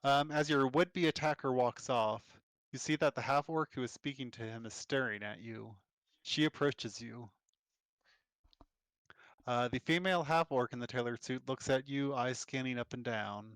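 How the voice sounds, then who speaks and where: Easygoing game master, a man at a middle pitch, close and dry. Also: normal speed, a bit bright, smooth, no room sound. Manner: easygoing, laughs off his own slips. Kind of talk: casual game-master narration.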